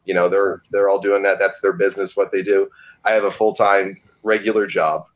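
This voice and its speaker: Low, quick-talking man; defensive, insistent podcaster in loose banter. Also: flat delivery. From upstate New York. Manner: defensive, insistent, repeats himself.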